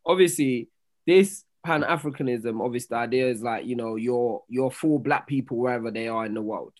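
A man hosting a podcast, arguing his point in an animated, casual way and often laughing. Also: mid-range voice, brisk. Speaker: podcast host.

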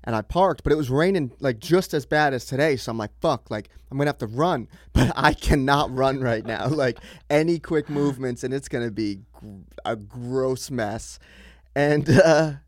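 A man's voice: medium pitch, moderate pace, no room sound, clean studio sound. A young man co-hosting a podcast, telling a story in casual chat, rambling, swearing and laughing as he goes. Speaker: podcast co-host.

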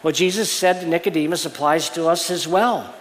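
This sermon comes from a man whose voice runs a bit high, speaking at a fairly quick clip in a church sanctuary full of long reverb. He's earnest and explanatory, backtracking and starting phrases over as he develops his point.

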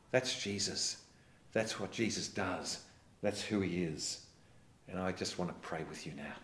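A man's voice: deep voice, a little slow, roomy sound. A man preaching an earnest sermon as a pastor. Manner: earnest, ends in a quiet prayer.

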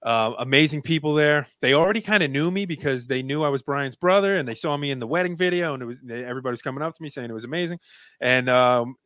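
A man's voice: mid-range voice, quick pace, a bit bright, no echo. Earnest man in his thirties. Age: 30s. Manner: earnest, rambling, many fillers. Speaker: guest. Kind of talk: emotional personal story, casual.

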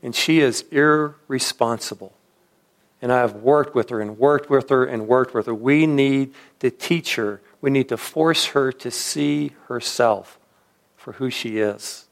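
Stern, commanding schoolteacher, as a male preacher puts her on; mid-pitched, strict. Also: unhurried, close to an everyday voice.

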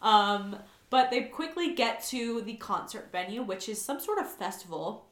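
A woman co-hosting a casual recap chat, chatty and quick to laugh, acting out the quotes she retells. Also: fairly high pitch, animated, a bit bright, reverberant. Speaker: podcast co-host.

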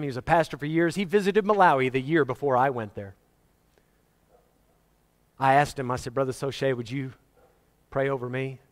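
Male preacher, fairly high voice, animated storyteller who acts out the voices of the people he quotes. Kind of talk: sermon with personal stories.

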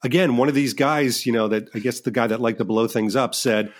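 A middle-aged man, a filmmaker guest in a casual interview, telling stories in an animated, self-deprecating way with many restarts. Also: mid-range voice, brisk.

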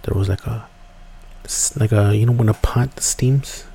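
A man casually telling a spooky woods story, rambling and dropping to hushed whispers at tense moments. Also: on the low side, measured pace, gravelly, slight background noise. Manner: relaxed, rambling, drops to hushed whispers for tension. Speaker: podcast storyteller.

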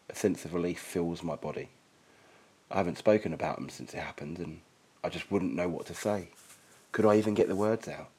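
A man narrating a first-person story with a very low voice and a husky texture. He reads quietly and sombrely, in a reflective way. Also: a little fast.

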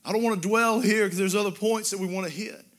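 A man preaching a sermon, drawing out Bible quotes and rising to loud emphatic exclamations. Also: sits high, steady tone, quick pace.

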